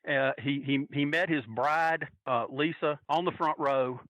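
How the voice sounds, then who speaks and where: Animated man telling a story. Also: unhurried, no echo, low-quality recording. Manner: animated, acts out quotes in higher voice. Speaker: podcast guest, wrestling fan. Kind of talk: casual storytelling.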